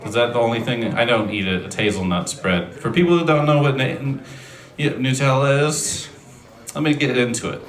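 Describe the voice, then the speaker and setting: A male stand-up comedian performs a deadpan set on a comedy venue stage, firing off self-deprecating one-liners between throat clearing. His voice is medium-pitched at a moderate pace, heard through a handheld stage mic on a speaker in an echoey room.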